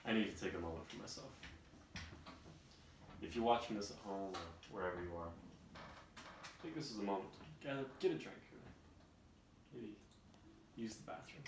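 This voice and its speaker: A man reads a storybook aloud with a mock-solemn, deadpan delivery. His voice sits low. He is heard from a distance in a roomy space with steady noise behind him. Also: normal speed, long pauses. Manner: deadpan, mock-emotional asides. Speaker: host. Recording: roomy, distant, noisy room.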